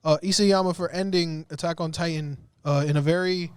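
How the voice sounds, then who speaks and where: A man with a fairly high voice co-hosts a laid-back gaming podcast. He chats loosely and breaks into laughter while telling stories. The sound is close and dry, with no room echo. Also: fairly even intonation, fairly quick, clean tone. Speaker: podcast co-host. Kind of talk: casual chat.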